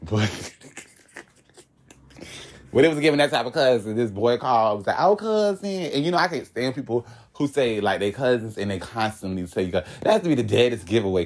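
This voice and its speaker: Direction: a lively young man from Florida, telling a story. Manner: animated, laughing often, with loud high-pitched outbursts; casual slang-heavy talk. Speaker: podcast guest telling a story. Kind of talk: casual storytelling chat.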